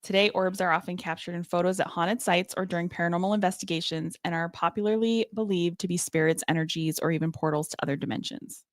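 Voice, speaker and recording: A woman's voice: fairly low pitch, steady tone, fast, few pauses, no echo. Woman reading research notes, dry sound. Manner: reads out research with fillers and hesitations. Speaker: co-host. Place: home studio.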